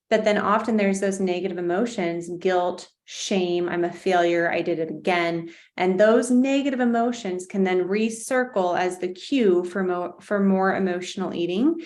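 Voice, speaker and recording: Gentle, thoughtful woman host. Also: medium pitch. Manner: gentle, thoughtful, with halting restarts. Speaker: podcast host. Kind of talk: casual interview chat.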